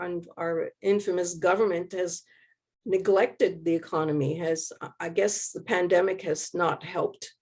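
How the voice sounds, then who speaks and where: An older woman from Quebec, slightly hoarse and losing her voice, answering interview questions on a video call in a thoughtful, rambling way with restarts. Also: on the low side, darkish tone. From Quebec, Canada.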